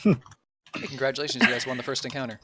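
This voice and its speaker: A man's voice: mid-range voice, flat delivery, rapid-fire, crowd noise. A man narrating a tabletop game as dungeon master, rambling with many fillers and bursts of laughter.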